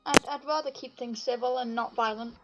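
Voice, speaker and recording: A woman with a high voice playing her character in a tabletop game. She talks bluntly and casually, often laughing and swearing. The sound is slightly dull. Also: fairly even intonation, brisk, loud music behind the voice. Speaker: player. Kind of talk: casual tabletop role-play.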